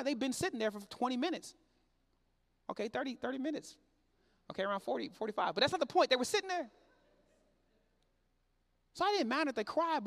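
A man preaching a sermon in church, dropping low and quiet then building up loud and fervent. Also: in a large hall. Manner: swings from low and quiet to loud and shouting, plain Southern-leaning speech.

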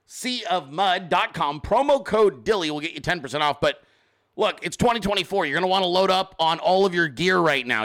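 Man, show host, high-pitched, loose and profane, rambling jokes. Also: pushed and bright. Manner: reads sponsor ads informally. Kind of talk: casual live-stream commentary.

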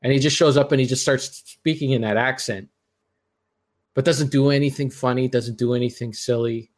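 A man's voice: medium pitch, fairly even intonation, moderate pace. A man hosting a podcast, chatting casually and giving his blunt, rambling opinions. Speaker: podcast host. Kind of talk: casual chat.

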